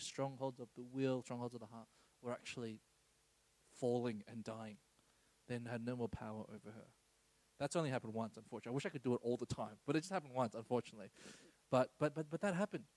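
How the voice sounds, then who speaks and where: A man's voice: medium pitch, dry recording, rough recording. Chatty man preaching a story-filled sermon. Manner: conversational, many asides and tag questions. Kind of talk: informal sermon with personal story.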